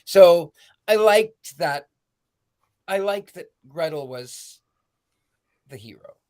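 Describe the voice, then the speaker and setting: A man co-hosting a casual film discussion, talking in an animated, chatty way. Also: high-pitched, takes it slowly. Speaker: podcast co-host.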